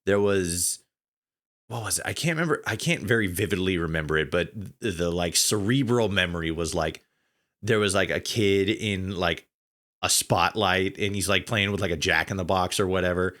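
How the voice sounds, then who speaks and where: A man's voice: low-pitched, normal speed, a bit bright. A man hosting a podcast in casual chat, rambling and packing his talk with filler words. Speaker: podcast host.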